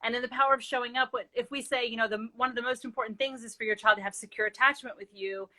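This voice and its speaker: A woman's voice: a little high, steady tone, fast, bright, forceful tone. A middle-aged woman, a parenting expert, explaining earnestly in a live interview and telling stories with quoted dialogue.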